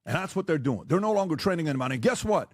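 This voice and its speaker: A man debating on a talk show, who lectures forcefully and keeps firing rhetorical questions and blunt warnings. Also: a little high, expressive, racing, dry recording, clean studio sound. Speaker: podcast guest debating the host. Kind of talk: heated debate.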